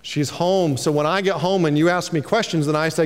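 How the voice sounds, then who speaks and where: High-voiced pastor preaching in a hall. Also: male voice, normal speed, few pauses, clear, resonant tone. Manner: animated, preachy, calls for amens. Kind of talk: sermon.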